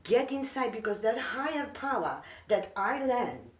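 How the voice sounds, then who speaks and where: Very animated but unhurried, her fairly high voice carries an emotional personal talk. She's an earnest, heartfelt immigrant woman in her 60s using broken English, and the echoey room and far-off mic shape the sound.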